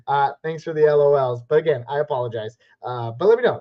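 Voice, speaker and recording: A man from the West Coast hosting a live Q&A stream, chatty and upbeat, giving quick verdicts on viewer questions. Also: a little high. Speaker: fantasy football live stream host. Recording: slightly muffled lo-fi stream audio.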